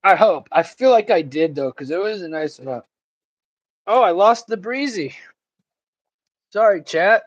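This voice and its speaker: A man's voice: high-pitched, lively intonation, a little slow, pauses often, dry recording, highs cut off. A man chatting loosely as a livestream guest over a video call, swearing and joking. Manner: loose, profane and jokey. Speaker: stream guest. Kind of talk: casual livestream chat.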